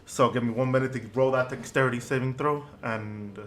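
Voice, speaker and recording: A man running a tabletop game as game master, narrating actions casually with spoken booms. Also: fairly quick, a crowd in the background. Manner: relaxed narration with sound-effect booms.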